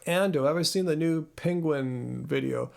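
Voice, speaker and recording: A chatty man in his thirties with a slightly high voice and a gravelly fry. He rambles through viewer questions in a loose, self-deprecating way, like a casual live stream. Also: normal speed. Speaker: host.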